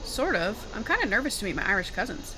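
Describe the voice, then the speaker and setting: A woman's voice: mid-range voice, very animated, fast talker, background noise, close to an everyday voice. A woman reading a smug sidekick.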